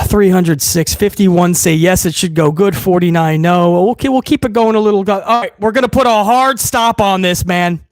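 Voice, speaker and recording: A man's voice: sits high, moderate pace, no echo, studio quality. A man hosting a live wrestling watch-along stream, ranting bluntly and swearing freely in casual commentary.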